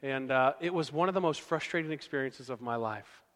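Folksy pastor in a big hall. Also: male voice, mid-range voice, fairly quick, fairly bright tone. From Oklahoma. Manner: folksy, conversational storytelling. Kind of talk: storytelling sermon. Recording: long reverb of a large hall.

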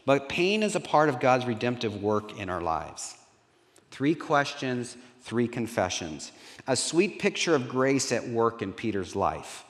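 A middle-aged man, a pastor, preaching a sermon in an earnest way that turns lively when he acts out dialogue. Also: medium pitch, measured pace. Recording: reverberant hall.

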